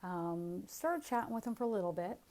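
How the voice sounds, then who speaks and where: The audio is poor, and a middle-aged woman's medium-pitched voice runs a little fast. Acting as a spiritual medium, she tells stories in a lively, informal way, laughing frequently.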